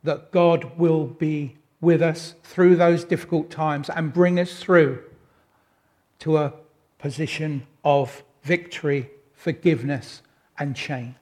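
A middle-aged man preaching a sermon, reflective and unhurried, with wry self-deprecating asides. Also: a little high, steady tone, darkish tone.

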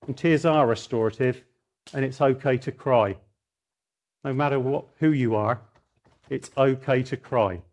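A middle-aged man preaching a sermon, telling stories in a lively way and rising into mock outrage. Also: mid-range voice, unhurried, long pauses.

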